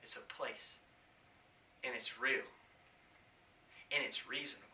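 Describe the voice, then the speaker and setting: A man preaching a sermon, swinging from hushed pleading to loud shouting. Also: mid-range voice, steady tone, unhurried, slight background noise.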